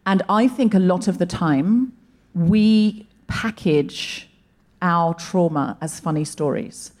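A woman comedian talking to a live audience on stage in a thoughtful, measured way. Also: lowish voice, darkish tone. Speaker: comedian, co-host.

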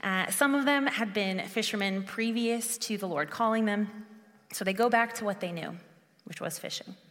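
A woman's voice: medium pitch, moderate pace, fairly bright tone, big-room sound. A woman preaching a sermon in an earnest, conversational way, restarting her phrases often.

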